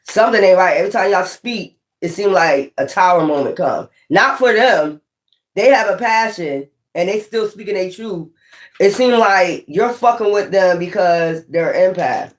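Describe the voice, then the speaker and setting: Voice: medium pitch, animated, normal speed. Rambling, profane tarot reader. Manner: rambling, profane, streetwise slang; emphatic, repeats points. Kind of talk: casual tarot reading.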